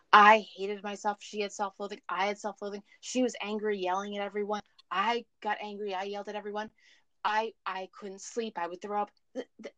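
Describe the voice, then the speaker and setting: A woman's voice: mid-range voice, a bit bright, no room sound. A woman calling in as a guest, telling her personal story in a candid, emotional and rambling way over the phone. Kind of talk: candid recovery story chat. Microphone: phone call.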